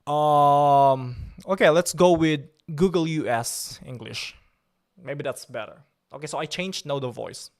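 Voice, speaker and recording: A man's voice: fairly high pitch, a little slow. A man hosting a livestream, talking casually, irritable at first, then joking as he answers viewer chat. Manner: irritable, then forces himself calm and joking. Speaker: livestream host.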